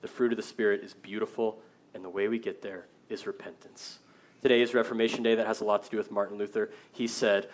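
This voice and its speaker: A man in his thirties, a pastor preaching a sermon, earnest, moving between loud emphasis and quiet, reflective passages. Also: lowish voice, level tone, fast talker.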